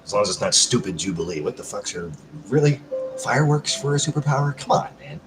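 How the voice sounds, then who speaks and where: A man's voice: mid-range voice, animated, fast talker. A man hosting a casual live chat, rambling, swearing freely and answering viewer comments. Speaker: livestream host. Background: background music.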